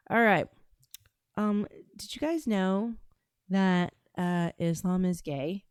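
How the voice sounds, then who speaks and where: A woman's voice: mid-range voice, slow, smooth. A woman hosting a casual livestream, reading out chat and talking in a brash, profane, drawling way.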